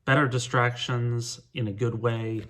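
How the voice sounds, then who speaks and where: Easygoing middle-aged man, unhurried. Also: medium pitch, flat delivery, fairly bright tone. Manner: easygoing and enthusiastic, with frequent hesitant pauses. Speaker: music vlogger. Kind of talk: casual talk to camera counting down favorite records.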